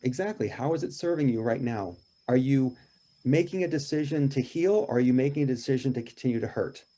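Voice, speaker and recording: A man's voice: mid-range voice, brisk, warm tone. A man speaking as a podcast guest and grief coach, telling a personal story in an earnest, reflective and emphatic way.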